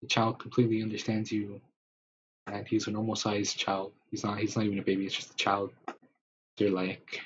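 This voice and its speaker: Man, low flat voice, rambling improvised yarn, muffled lo-fi audio. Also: a little fast. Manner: rambling, filler-heavy second-person telling. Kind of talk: improvised spoken story. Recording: dull lo-fi recording, faint hiss.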